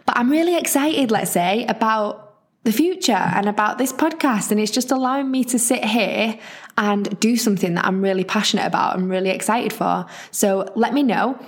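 A woman's voice: mid-range voice, moderate pace. A woman hosting a solo podcast, talking in a chatty, encouraging, rambling way. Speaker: podcast host.

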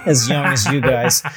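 A man in his thirties, a guest player, chatting in a relaxed, self-deprecating way. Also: medium pitch. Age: 30s. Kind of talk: casual podcast chat.

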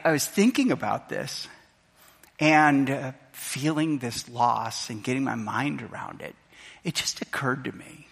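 A man's voice: medium pitch, animated, a little slow, creaky, a bit bright, husky. A middle-aged man preaching a sermon as pastor, telling a personal story with emotion and acting out the voices of others. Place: church sanctuary. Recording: reverberant church hall.

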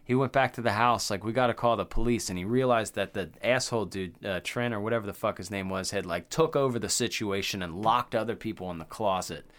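A man's voice: on the low side, brisk, few pauses, fairly bright tone. A man co-hosting a casual horror movie podcast, laid-back and rambling, swearing often. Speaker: podcast co-host. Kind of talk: casual chat.

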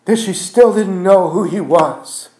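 A man preaching in a roomy, echoing church, his voice pitched a little high but dark and mellow in tone. He swings from loud, emphatic peaks down to near-hushed lines, piling up repeated phrases as he builds each point. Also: measured pace. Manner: repetitive, building phrases with restarts. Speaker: pastor. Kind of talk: sermon. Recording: echoey room.

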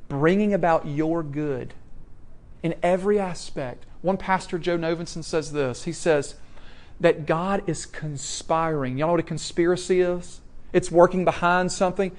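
A man with a voice on the high side preaches conversationally, putting questions to the congregation. His volume moves between quiet and loud.

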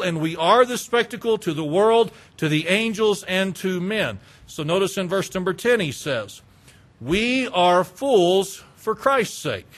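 A male preacher delivering an expository sermon, slow and emphatic, stacking repeated phrases. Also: high voice, fairly bright tone.

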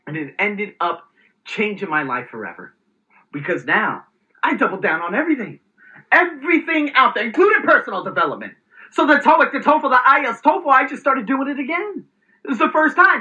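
A man hosting his own motivational vlog, talking with energetic, emphatic delivery and some salty language. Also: high voice, brisk, highs cut off. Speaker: host.

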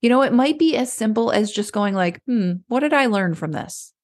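A woman's voice: a little high, animated, normal speed. A woman coach giving a casual motivational talk, chatty and conversational, often acting out people's inner voices. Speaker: clarity coach.

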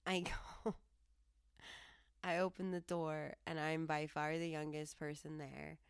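Low smooth-voiced lady host rambling through a funny story, laughing, dry close sound. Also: no echo. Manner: animated, laughing, quoting herself and others. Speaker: podcast host. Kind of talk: casual storytelling monologue.

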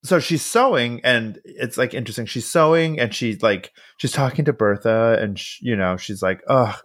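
A man co-hosting a podcast, casually recapping a film in animated bursts and acting out the characters' lines with plenty of swearing. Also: mid-range voice, normal speed. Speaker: podcast co-host.

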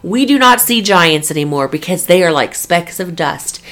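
A woman's voice: on the low side, animated, moderate pace, a bit bright, faint music behind. A woman hosting a devotional podcast, delivering an earnest, emphatic faith talk.

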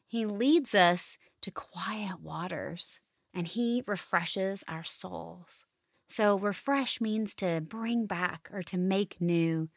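A woman hosting a family devotional podcast, guiding listeners gently and reading scripture slowly and soothingly. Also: medium pitch, dry recording, clean studio sound. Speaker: podcast host.

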